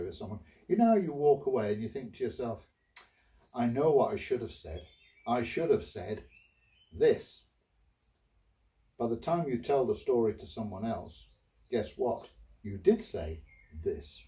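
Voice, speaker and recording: Chatty bishop telling stories. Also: male voice, medium pitch, warm tone, recorded from a distance, rough recording. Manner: conversational, restarts, asides to listener. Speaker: bishop giving a short homily. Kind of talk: chatty storytelling homily.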